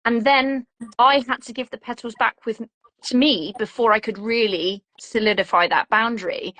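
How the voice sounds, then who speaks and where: A woman, a mother telling her story in a lively, animated way and acting out her own inner voice. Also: fairly high pitch, normal speed, dry recording, poor audio. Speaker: guest, a mother. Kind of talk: casual conversational chat.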